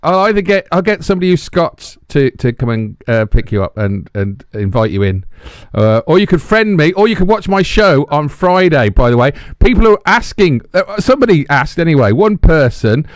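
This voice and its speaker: Male podcast host, high voice, rambling and chatty, dry close sound. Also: sing-song, normal speed, no echo. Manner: chatty, rambling, stumbles over words. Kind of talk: casual chat.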